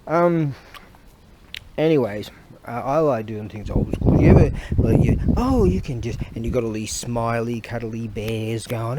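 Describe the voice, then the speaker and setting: A man's voice: mid-range voice, moderate pace. A man hosting a podcast, rambling and grumbling with lots of swearing and laughter while he walks along a street. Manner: profane, grumbling, laughs often. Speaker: podcast host. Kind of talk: rambling casual monologue. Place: outdoors on a street, walking. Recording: traffic noise in the background. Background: passing vehicles.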